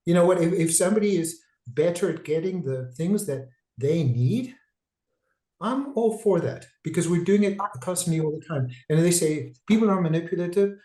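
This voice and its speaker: A man's voice: a little high, lively intonation, moderate pace, dark tone, reverberant, poor audio. A man, a psychiatrist, giving a conversational webinar talk over a video call, digressive and full of restarts. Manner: talkative, digressive, with frequent restarts.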